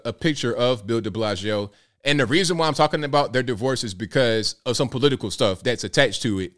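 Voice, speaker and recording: A man's voice: medium pitch, fairly bright tone, clear, resonant tone. A man hosting a casual live stream commentary, talking straight to viewers in folksy slang.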